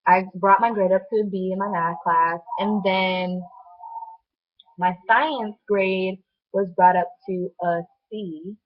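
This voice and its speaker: A young woman telling a personal story to camera in a chatty, animated way, full of "like" fillers. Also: mid-range voice, slow pace. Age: young adult. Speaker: vlogger. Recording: dull lo-fi sound.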